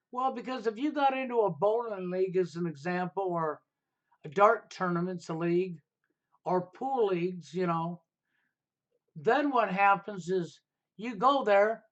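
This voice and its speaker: A middle-aged man hosts a live stream in a high-pitched voice. He talks in an emphatic, preachy way and keeps tagging his points with "okay?". The sound is dull and lo-fi. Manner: emphatic, repeats "okay?" to drive points home. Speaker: livestream host. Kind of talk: casual advice talk on a live stream.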